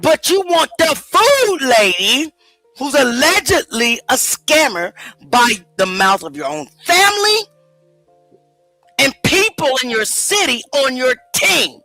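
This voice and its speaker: A woman hosts a livestream, her commentary turning into an emotional, confrontational rant. Her voice is bright and swings widely in pitch. The sound is dry and close. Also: sing-song, takes it slowly, no room sound, faint music behind. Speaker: host.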